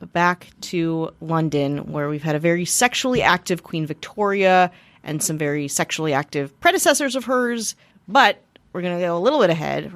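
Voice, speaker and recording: A woman's voice: fairly low pitch, no echo. A woman podcast co-host reading a scripted history segment with joking asides. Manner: laughs often in banter, then reads steadily. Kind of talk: scripted history narration and banter.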